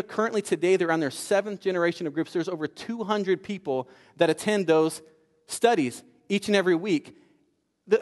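A man preaching a sermon, telling a story in an animated way with frequent repetitions. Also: high voice. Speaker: pastor. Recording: reverberant hall.

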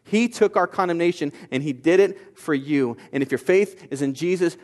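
A man's voice: a little high, normal speed, hardly any pauses, big-room sound. Man preaching with rising and falling intensity. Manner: emphatic, swings from loud declarations to soft storytelling. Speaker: pastor. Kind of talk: sermon.

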